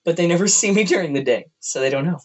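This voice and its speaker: A man's voice: expressive, fast talker, low-quality recording. Rambling, jokey man in casual chat. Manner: rambling, jokey, laughs often, drops into a deep voice for stories. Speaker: podcast co-host. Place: room at home.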